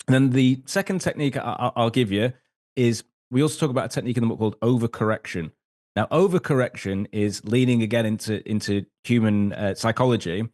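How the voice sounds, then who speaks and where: Male guest, mid-pitch, easy explainer who drops into quick role-played dialogue, steady talk with fillers. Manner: acts out sample dialogue, frequent um fillers. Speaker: sales consultant guest. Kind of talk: explaining techniques in an interview.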